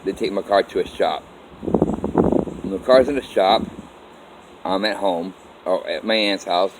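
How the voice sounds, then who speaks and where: A man with a fairly low voice and measured pace rambles casually through his own life story, stopping and restarting sentences and acting out what people said with "I'm like." A faint hiss runs beneath his voice.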